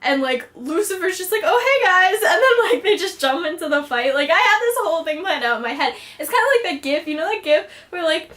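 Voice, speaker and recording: Brisk and almost pause-free, a young vlogger with a very high, lively, fairly bright voice chats through a TV episode recap. She's bubbly, says "like" a lot, and acts out the quotes.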